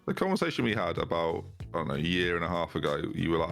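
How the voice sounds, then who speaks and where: A deep-voiced man with a gravelly edge talks fast and teases his friends on a game stream. His banter is dry and mock-insistent. Faint music plays behind him. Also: very animated, a bit bright. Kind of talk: casual gaming stream banter.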